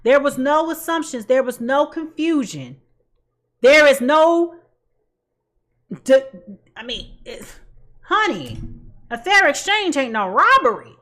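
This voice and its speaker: A woman's voice: high voice, expressive, slow pace, long pauses, a bit bright. A woman giving a casual tarot reading in a blunt, sassy way and laughing at her own jokes. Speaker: tarot reader.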